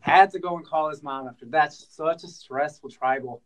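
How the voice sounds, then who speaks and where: A man's voice: on the high side, normal speed, rough recording. A man co-hosting a casual podcast, talking in a playful, jokey way. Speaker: podcast co-host. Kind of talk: casual recap chat.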